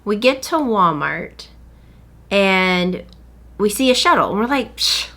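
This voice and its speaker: Woman podcast host with a bright, sharp voice. Chatty storyteller who acts out other people's lines. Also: mid-range voice, takes it slowly. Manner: animated retelling, acting out other people's lines. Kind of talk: casual storytelling chat.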